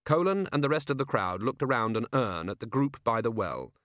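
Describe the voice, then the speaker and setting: A man narrating an audiobook with a wry, measured reading. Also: mid-range voice, expressive, fairly bright tone, no echo, studio quality. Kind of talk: scripted narration.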